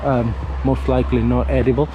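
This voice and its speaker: A man from Italy with an Italian accent, chatting casually on a walking vlog and often pausing to search for words, talking into a camera outdoors on a windy street. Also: mid-range voice, flat delivery, lo-fi sound. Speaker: vlogger. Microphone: camera mic held near the face. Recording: faint wind and traffic noise outdoors.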